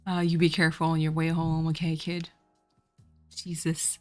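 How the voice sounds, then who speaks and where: A woman's voice: deep voice, monotone, normal speed, darkish tone. A woman streamer who grew up in France, speaking French as her first language, chatting casually with her viewers over gameplay and laughing often. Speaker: streamer playing a game. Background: faint game music.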